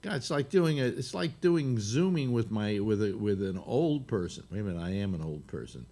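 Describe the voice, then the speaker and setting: A man's voice: on the low side, moderate pace. A man in his eighties hosting a casual video call chat, rambling through long explanations with frequent restarts. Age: 80s. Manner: rambling, lively, explains at length with many restarts. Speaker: host.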